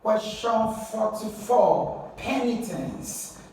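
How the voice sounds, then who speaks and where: A man teaching an exam-prep lesson, drilling syllables slowly and asking his students rhetorical questions. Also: high voice, expressive, warm tone, a little hiss or hum. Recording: very echoey room, mic at a distance.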